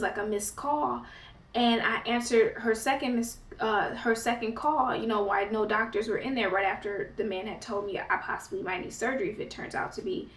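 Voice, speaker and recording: A woman's voice: mid-range voice, distant mic. A woman vlogger telling a personal story in a chatty, casual way, peppered with fillers. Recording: roomy, set back from the mic.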